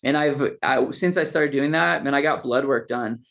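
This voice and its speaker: A man telling stories in a casual podcast chat, animated and loose, calling people "dude" and "man.". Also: mid-range voice, normal speed, vocal fry. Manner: animated storyteller, says "dude" and "man" a lot. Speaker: podcast guest.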